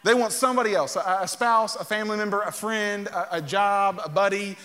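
A man preaching a sermon, reading scripture aloud and joking with animated energy. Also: high voice, a little fast. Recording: long hall reverb.

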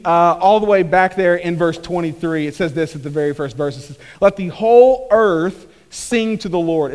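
Animated high-voiced male pastor. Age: 30s. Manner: conversational, animated, many restarts and acted asides. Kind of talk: sermon. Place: church hall.

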